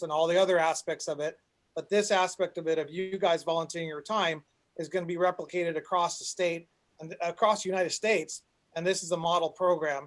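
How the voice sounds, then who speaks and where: Man, high voice, panel host, rambling, restarts a lot, video call mic. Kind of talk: online panel moderation.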